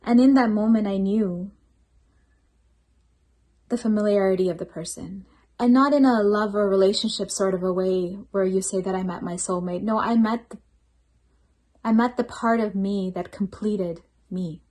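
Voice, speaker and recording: A woman's voice: medium pitch, steady tone, moderate pace, warm tone. A woman, a night-shift healthcare worker, giving an earnest, reflective personal testimony at a devotional program.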